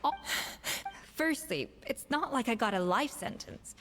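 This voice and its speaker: A woman voicing a composed female head chef in a video game, speaking in a calm, measured and gently reproving manner. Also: a little high. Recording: game audio with long reverb and faint music.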